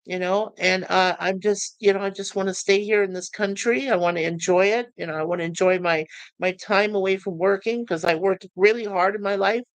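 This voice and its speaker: A man's voice: sits high, fairly even intonation, smooth, dry recording, rough recording. Middle-aged guy rambling to his viewers, keeps stopping and repeating himself, dry room. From United States. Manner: halting, with many restarts and repeated words. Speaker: YouTube channel host. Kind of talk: emotional personal talk to viewers.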